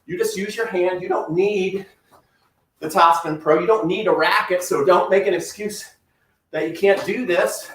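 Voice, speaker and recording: Upbeat male tennis coach, high voice, live home workout, distant mic in an echoey room. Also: fairly even intonation, a little slow, fairly bright tone. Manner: upbeat, coaching while exercising. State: breathing heavily at times.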